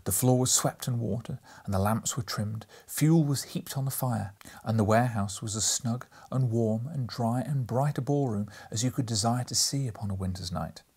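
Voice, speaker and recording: A man narrating an audiobook with a lively, expressive reading, dropping some lines to near a whisper. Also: medium pitch, normal speed, breathy edge. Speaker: audiobook reader.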